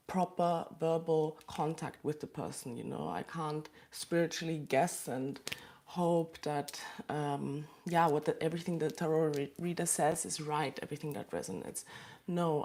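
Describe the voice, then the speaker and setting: A woman hosting a live stream from a small closed room, talking softly and haltingly with pauses and sighs. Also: sits low, gravelly. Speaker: livestream host. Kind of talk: emotional live chat.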